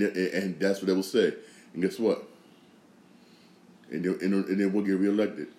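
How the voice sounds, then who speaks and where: This podcast host talks fast in a low, mellow voice, offering strong opinions on sports and the news. Recorded in an echoey room, he delivers his points emphatically, often repeating himself and starting sentences over.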